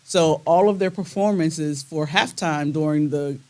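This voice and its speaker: A man with a somewhat high voice co-hosting a casual chat show. He tells his stories in a rambling way, full of asides. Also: a little slow. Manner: chatty storytelling with asides.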